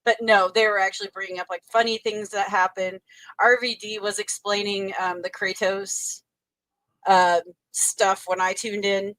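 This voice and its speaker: A woman co-hosting a podcast in casual chat, upbeat and quick to laugh. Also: medium pitch, little pitch movement, fairly bright tone, dry recording. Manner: chatty, laughs easily, upbeat. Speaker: podcast co-host.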